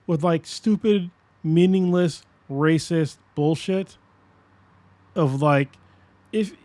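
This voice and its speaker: Slow and a little high-voiced, with no room sound, this podcast host in his forties chats casually. He rambles profanely and animatedly, constantly starting his sentences over.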